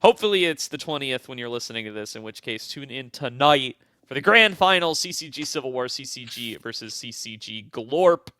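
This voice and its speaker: A young man hosting an esports podcast in a casual, upbeat way, laughing often and wrapping up with quick sign-off patter. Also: mid-range voice, expressive, bright, forceful tone, no echo, studio quality. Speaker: podcast host.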